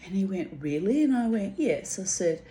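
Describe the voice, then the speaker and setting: An older woman telling a rambling personal story to camera, acting out what people said in lively voices. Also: mid-range voice, moderate pace, a little hiss or hum. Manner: chatty, rambling, quotes others in lively voices. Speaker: vlogger. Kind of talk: casual storytelling.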